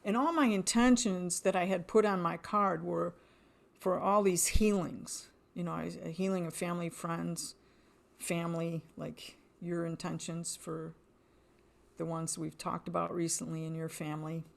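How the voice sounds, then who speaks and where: Middle-aged lady chatting about a spiritual session, animated, acts out the voices, laughs a lot. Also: fairly low pitch, measured pace, gravelly. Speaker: guest. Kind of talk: casual storytelling of a spiritual experience.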